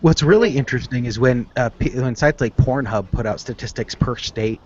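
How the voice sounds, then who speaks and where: A man chatting casually, halting and restarting often. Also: mid-range voice, a little mellow, dull audio. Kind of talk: casual chat.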